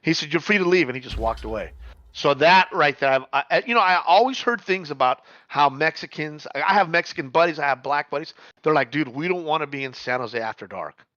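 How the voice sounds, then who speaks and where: A middle-aged man telling a story in casual chat, animated, repeating words and swearing freely. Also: a little high, fairly quick, no echo, lo-fi sound.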